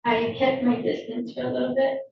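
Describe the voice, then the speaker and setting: Shaken woman with gravelly voice testifying. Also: high voice, little pitch movement, noisy background. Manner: shaken, halting retelling. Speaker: witness. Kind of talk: courtroom testimony. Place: courtroom. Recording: echoey, distant, dull courtroom audio.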